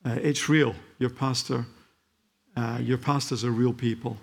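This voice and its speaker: An older man with a faint Scottish accent, preaching a sermon as a guest in a church, halting with fillers and then rising to fervent emphasis. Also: mid-range voice, steady tone, vocal fry, breathy edge. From Scotland.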